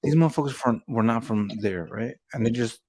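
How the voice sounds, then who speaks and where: A man of ordinary pitch holds forth in a loose, unscripted chat. He swears freely and circles through his stories with filler phrases and restarts. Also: fairly quick, a little mellow, a little hiss or hum. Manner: profane, rambling storyteller with constant "you know what I'm saying". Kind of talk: casual chat.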